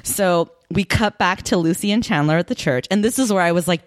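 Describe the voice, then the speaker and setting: Animated, swearing woman recapping a show. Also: on the low side, a little fast, hardly any pauses. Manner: animated, swearing, acts out characters' lines. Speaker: podcast co-host recapping a show. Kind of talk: casual chat.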